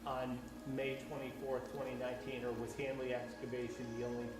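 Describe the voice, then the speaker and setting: A man's voice: medium pitch, completely flat delivery, a little fast, music in the background. A man questioning a witness in a deposition, methodical and businesslike. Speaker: examining attorney. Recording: echoey room, clear background noise.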